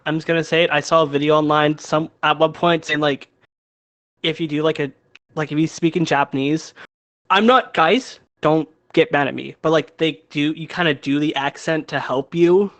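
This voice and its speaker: Man, slightly high voice, casual chat, frequent agreement, podcast co-host. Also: steady tone, normal speed, a bit bright. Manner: chatty, agreeable, frequent yeahs.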